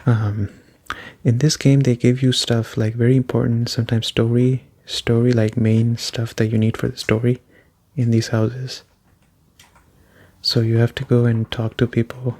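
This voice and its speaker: A man giving soft-spoken ASMR gameplay commentary, with casual joking asides and a voice going hoarse. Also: medium pitch, little pitch movement, a little slow. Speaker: let's play host.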